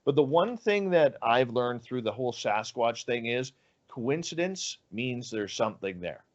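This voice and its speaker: A man telling a story on a podcast in an animated way, dropping low and quiet for suspense. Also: a little slow. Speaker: guest radio host. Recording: dull lo-fi audio.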